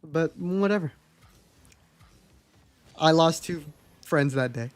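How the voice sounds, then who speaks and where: Candid young man with a higher voice. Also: slow pace, no room sound. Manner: chatty and candid, swears freely. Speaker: livestreamer. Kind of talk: casual storytelling to a live chat.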